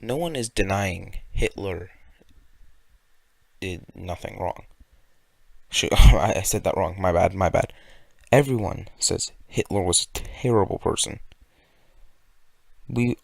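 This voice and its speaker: A man's voice: deep voice, slow, vocal fry, long pauses, no echo. A young man from California giving a sarcastic, rambling commentary rant. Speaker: video commentator. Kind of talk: ranting commentary.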